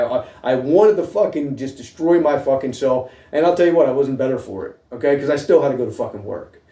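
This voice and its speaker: A middle-aged man with a mellow, darker tone recounts his own past in a blunt, heavily profane monologue. He checks in with "okay?" again and again. The sound is roomy and echoey, with the speaker sitting some distance from the microphone. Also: mid-range voice. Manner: blunt, heavy swearing, repeats "okay?". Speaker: host telling his own story. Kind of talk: casual storytelling monologue. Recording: roomy echo, voice away from mic.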